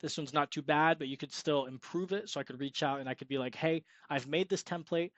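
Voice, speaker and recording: A man's voice: medium pitch, fast, a bit bright, dry recording, muffled recording. A young man giving an upbeat, salesy screen-share tutorial on freelance web design, sometimes acting out sample sales calls. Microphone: screen-recording mic.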